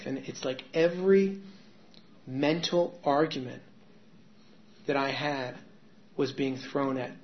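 A man speaks candidly and conversationally, sharing his own story with a meeting. His voice is gravelly at a middling pitch. The sound is dull and roomy, with faint noise underneath. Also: steady tone, measured pace. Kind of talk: personal testimony to a meeting. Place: meeting room with an audience. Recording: echoey room, dull lo-fi sound.

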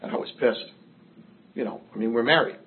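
Older man, recovery speaker, wry storyteller, middle-pitched, lo-fi phone-like audio. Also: fairly quick, slight background noise. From Massachusetts. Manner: wry storytelling, self-mocking humor. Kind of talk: personal recovery story told to a group.

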